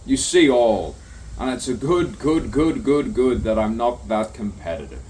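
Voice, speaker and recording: Guy slowly reading his own poem out loud, repeats himself a lot, sounds kinda far from the mic. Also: medium pitch, lively intonation. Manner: slow, musing, repetitive delivery with sudden emphatic bursts. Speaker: poet. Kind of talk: spoken word poetry recitation. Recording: distant mic with faint background noise.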